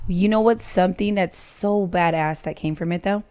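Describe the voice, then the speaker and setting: A woman's voice: fairly low pitch, moderate pace, warm tone, clean tone, dry recording. A woman in her forties, a podcast guest, telling a personal story in blunt, emotional, heavily sworn casual chat.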